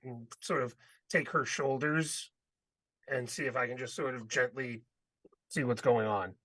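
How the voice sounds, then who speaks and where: A man's voice: mid-range voice, fairly even intonation, unhurried, fairly bright tone, no echo. A man playing a tabletop role-playing game, eagerly describing his character's actions. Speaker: player. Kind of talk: casual tabletop role-play.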